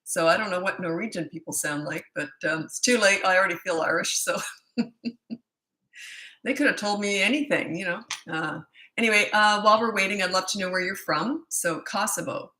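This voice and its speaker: A woman's voice: medium pitch, normal speed, bright, forceful tone, roomy sound. An older woman from Canada, a parenting coach chatting casually on a livestream, self-mocking and laughing often. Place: at home in British Columbia.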